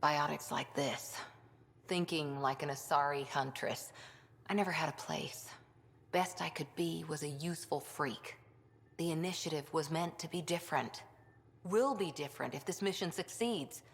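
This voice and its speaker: An actress voicing a reserved female biotic commando in video game dialogue, speaking calmly and matter-of-factly. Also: deep voice, normal speed. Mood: reflective. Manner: calm, matter-of-fact, guarded. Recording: game audio with long reverb.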